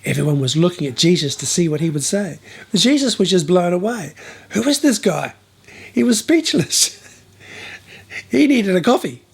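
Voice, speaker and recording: A man's voice: high voice, very animated, normal speed, gravelly, breathy edge. A man telling a bible story in a humorous style, with wry, playful asides.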